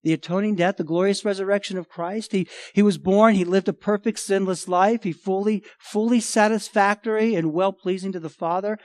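A male pastor preaching a sermon, emphatic, swinging between loud and quiet and repeating phrases. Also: high voice, steady tone, a little fast, hardly any pauses, no room sound.

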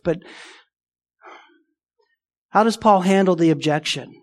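A man's voice: fairly high pitch, moderate pace, long pauses. A man preaching a sermon as pastor, conversational and emphatic, often asking the congregation rhetorical questions.

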